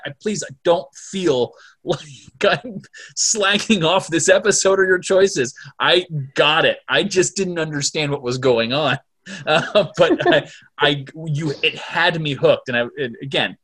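A man's voice: a little high, slightly rough. Chatty man hosting a podcast. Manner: animated, halting, laughs often. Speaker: podcast host. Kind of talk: casual chat.

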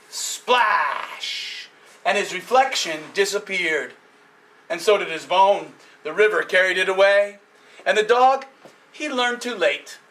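An animated male storyteller spins fables for children, quizzing the crowd and barking like a dog. His voice sits very high and bright, and it is picked up from a distance. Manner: animated, playful, with sound effects and audience questions.

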